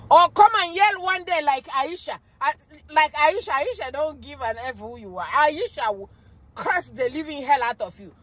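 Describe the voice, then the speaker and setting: Young Nigerian woman, bright high register, excitable driving vlogger, casual exclamatory commentary. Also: moderate pace, slight background noise. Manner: chatty and exclaiming, drops into pidgin. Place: inside a car while driving.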